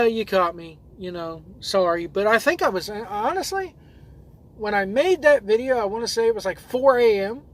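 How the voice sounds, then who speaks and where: A man who drives trucks and hosts his own videos, reading viewer comments aloud in a loose, rambling way with lots of fillers and restarts. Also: high-pitched.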